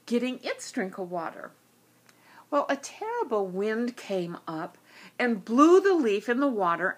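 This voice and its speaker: A woman telling a children's story, a storyteller with a gentle, animated way of speaking. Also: medium pitch, slightly rough.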